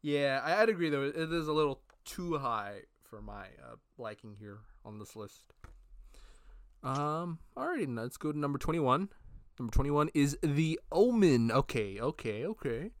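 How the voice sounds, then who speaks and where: A man co-hosting a casual podcast, chatting in a relaxed, agreeable way and often saying "alrighty.". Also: fairly high pitch, normal speed, no room sound. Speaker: podcast co-host. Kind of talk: casual chat.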